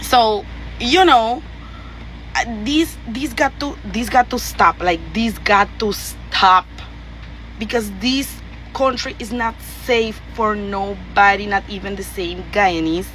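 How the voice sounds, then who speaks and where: A woman's voice: mid-range voice, slow pace, fairly bright tone, a little hiss or hum, poor audio. A woman with a Venezuelan Spanish accent tells a heated, profane story with many fillers and restarts. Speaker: guest telling a story.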